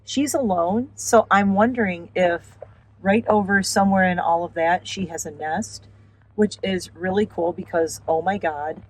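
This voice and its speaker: A woman vlogging casually while filming birds from her car and yard, chatty and excitable, sometimes out of breath. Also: unhurried, poor audio. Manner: excited and chatty, breaks into high squeals when calling her turkey. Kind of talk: casual vlog narration. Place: in a car and outdoors in a windy yard.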